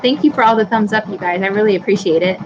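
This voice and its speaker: A woman's voice: mid-range voice, fast, highs cut off, background noise. Chatty woman live-streaming at home. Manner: chatty, apologetic, talks to chat by name. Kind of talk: casual live-stream chat with viewers. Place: home workroom with a sewing machine running.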